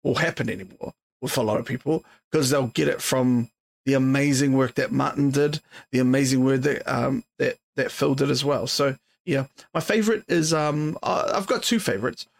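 A man with a mid-range voice, normal speed and vocal fry hosts his podcast solo. It's late, he's tired and yawning, and he rambles casually with lots of swearing and filler words.

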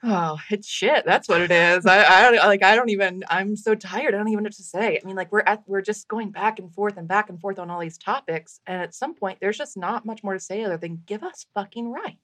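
A woman's voice: mid-range voice, a little fast, hardly any pauses, a bit bright, no room sound. A woman hosting a podcast in a casual chat, supportive and laughing easily, sometimes swearing. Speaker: podcast host.

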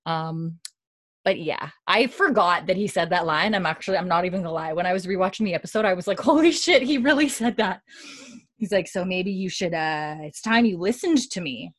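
A woman's voice: fairly low pitch, a little fast, no room sound, studio quality. A young woman casually recapping a TV episode, acting out the characters' lines with lots of laughs. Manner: animated storytelling, acting out quotes, laughs often. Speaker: podcast host recapping a TV episode. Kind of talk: casual chat.

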